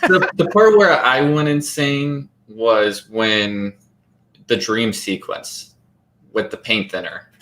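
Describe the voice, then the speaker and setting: A man hosting a podcast, chatting casually and telling stories in an animated way. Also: medium pitch, slow. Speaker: podcast host. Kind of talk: casual chat. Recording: echoey room.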